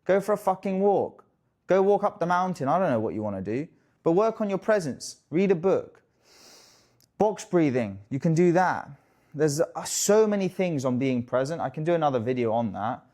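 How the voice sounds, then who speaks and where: Young man, dating coach, casual to-camera talk, swears a lot, jokey asides, slightly high voice. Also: sing-song, normal speed, a little mellow.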